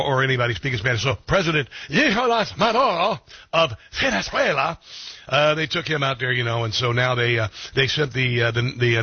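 A man's voice: mid-range voice, no echo, dull audio. A man hosting political talk radio, blunt and opinionated, with frequent ums and restarts.

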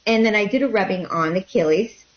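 Halting woman telling her own story. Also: mid-range voice, muffled recording. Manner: halting, with many fillers and restarts. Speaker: guest telling her story of becoming a healer. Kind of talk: candid personal storytelling.

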